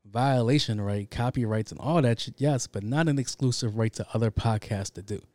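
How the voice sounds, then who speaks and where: On his solo podcast, a man who has kids talks loosely and rambles, swearing and using a lot of fillers. He speaks at medium pitch and a moderate pace, a little mellow, with no echo.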